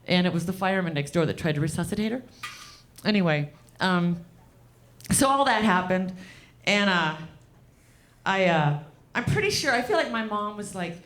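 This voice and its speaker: Profane deadpan woman doing stand-up. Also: lowish voice, a little fast. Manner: deadpan, profane, riffs with the crowd. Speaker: stand-up comedian. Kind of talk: stand-up comedy set.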